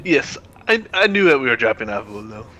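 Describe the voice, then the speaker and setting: A man's voice: medium pitch, very animated, fairly quick, pushed and bright, slight background noise. A man playing a ship captain in a tabletop game, stammering and eager. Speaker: player. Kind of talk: in-character play as a ship captain.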